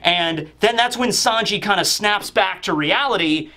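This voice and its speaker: A man's voice: sits high, measured pace, bright, forceful tone. A man casually retelling a manga chapter, rambling and full of fillers. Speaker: manga reviewer, channel host. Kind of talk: casual recap commentary.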